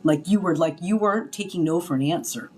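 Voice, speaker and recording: A woman talking casually to a live stream as a spiritual healer, rambling and confiding with many restarts, breaking into loud cries when she acts out others. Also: fairly low pitch, fairly quick. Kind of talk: casual livestream talk. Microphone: phone.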